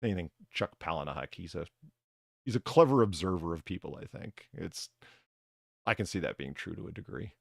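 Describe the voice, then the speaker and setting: Deep, creaky, and brisk, this podcast host with a bartender persona is recorded dry in studio quality. Hosting a casual chat, he tells stories with frequent laughter, acting out dialogue and casually swearing.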